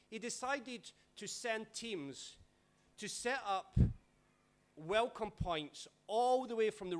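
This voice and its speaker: A man, a pastor telling stories in a sermon with dramatic swings in loudness. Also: high-pitched. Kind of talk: sermon storytelling.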